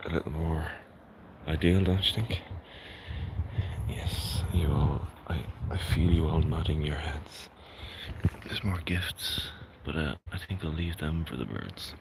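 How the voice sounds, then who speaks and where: A man with an Irish accent hosting a casual live gardening walkthrough, soft-spoken and mumbly, often half-whispering to his plants and insects. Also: extremely low pitch, creaky. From Ireland. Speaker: gardening livestream host. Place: outdoor vegetable garden. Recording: noisy outdoor livestream audio.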